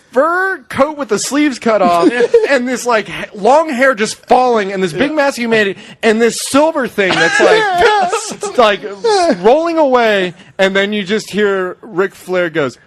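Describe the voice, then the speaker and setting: Podcast host, man; high and lively, an animated, laughing storyteller. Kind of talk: casual chat.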